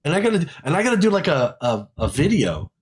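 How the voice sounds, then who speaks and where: A man's voice: fairly high pitch, big pitch swings, fast talker, breathy edge. Man, livestream host, casual rambling talk, repeats himself, laughs easily. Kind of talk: casual live webinar talk.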